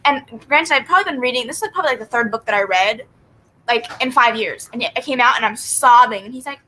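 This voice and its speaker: A woman in a casual video call chat, expressive and quick to laugh. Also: on the high side, poor audio.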